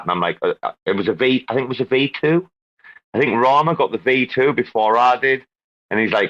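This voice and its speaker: A man's voice: lowish voice, quick pace, a bit bright, muffled recording. A man, chatting casually outdoors at night, swearing a lot and rambling with slangy restarts. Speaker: regular on a live crypto audio show. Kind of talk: casual chat.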